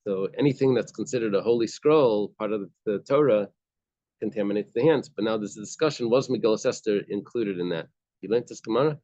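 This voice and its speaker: A man with a low voice leads a daily Talmud class. He reads Aramaic phrases and then breaks them down in easygoing, conversational English. The recording is dry and a bit dull. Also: brisk, mellow, no echo. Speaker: Talmud teacher.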